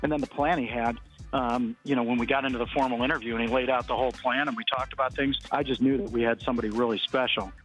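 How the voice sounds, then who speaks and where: A football team owner answers an interview question, speaking fairly quickly. His speech is halting, with many fillers as he gathers his thoughts. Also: medium pitch, fairly even intonation, fairly bright tone, soft background music, low-quality recording.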